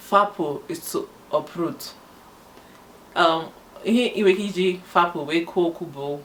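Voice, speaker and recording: A woman giving a spoken language lesson, spelling out letters slowly and explaining example sentences. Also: on the low side. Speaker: language teacher.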